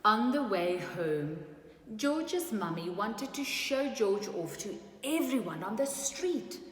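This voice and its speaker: Teacher lady doing storytime for little kids, slow and singsongy, big echoey room with a long ring. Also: medium pitch. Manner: slow, animated, sing-song questioning. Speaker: pre-primary teacher. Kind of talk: storytime reading and recap quiz for small children. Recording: echoey room with long reverb and faint hiss.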